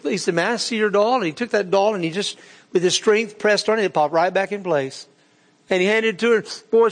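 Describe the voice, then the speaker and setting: A man preaching a sermon in a folksy, earnest way, with frequent fillers and restarts. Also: high-pitched. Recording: long hall reverb.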